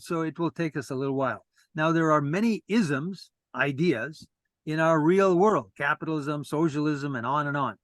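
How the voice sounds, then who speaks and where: A man's voice: on the high side, a bit bright, no echo. Earnest man lecturing, dry close sound. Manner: earnest, lecturing, breaks off for casual asides. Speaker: presenter. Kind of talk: reading a script with asides to a co-host.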